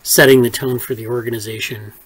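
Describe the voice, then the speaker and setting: A man chatting casually in an online lab meeting, his voice at an ordinary middle pitch. He rambles, circling back with fillers and restarts as he thinks aloud. The sound comes through a video call. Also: fairly even intonation, fairly quick, slightly rough, rough recording. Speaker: research group leader.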